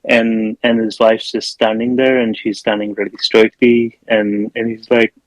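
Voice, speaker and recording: A man's voice: on the low side, flat delivery, moderate pace, no room sound, rough recording. A man casually recapping a film plot on a podcast, rambling with plenty of fillers and restarts. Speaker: podcast host.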